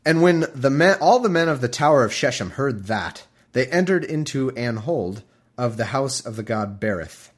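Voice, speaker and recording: A man's voice: mid-range voice, animated, moderate pace, slightly rough. A man hosting a podcast, reading scripture aloud with wry, irreverent asides. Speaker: podcast host. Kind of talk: comedic scripture reading with commentary.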